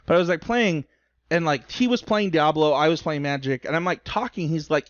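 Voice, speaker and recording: A man with a fairly high voice rambles through a casual podcast chat, joking at his own expense and getting emotional. The sound is dry and muffled, like a remote call recording. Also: fairly quick, no echo. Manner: rambling, self-deprecating, emotional. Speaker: podcast co-host.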